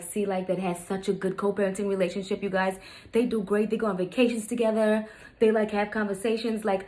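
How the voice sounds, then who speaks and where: A woman's voice: mid-range voice, a little mellow, rough recording. A young adult woman, a stepmother, telling a story in a casual vlog, emphatic and heated, with many fillers. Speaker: vlogger, stepmother.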